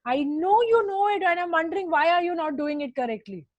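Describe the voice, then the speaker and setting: A woman with a high voice and an Indian English accent teaches English grammar to children over a video call. She presses them along briskly and repeats her prompts again and again. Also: expressive.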